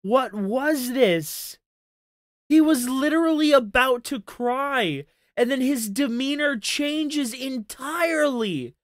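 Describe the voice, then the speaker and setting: Mocking, profane high-voiced commentator woman. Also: takes it slowly, dry recording, studio quality. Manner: mocking, profane, repeats herself. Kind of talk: casual reaction commentary.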